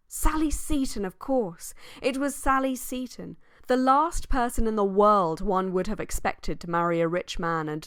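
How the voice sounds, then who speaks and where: A woman reading a novel aloud as an audiobook, with expressive rises in pitch for emphasis. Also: clear, resonant tone, no echo, studio quality. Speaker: audiobook reader. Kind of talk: scripted audiobook narration.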